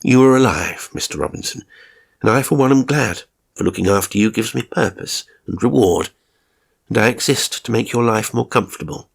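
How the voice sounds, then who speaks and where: A man doing a soft, literal-minded male carer. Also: on the low side, moderate pace, vocal fry, breathy edge. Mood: placid. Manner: quiet, even and formally literal. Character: calm, soft-spoken, polite male live-in carer. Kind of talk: audio horror story reading.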